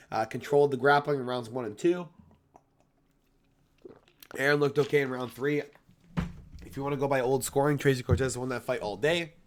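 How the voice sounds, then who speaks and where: A man with a medium-pitched, fairly bright voice rattles off casual MMA fight predictions, brash, rambling and emphatic. He curses a lot, and his voice is starting to go hoarse.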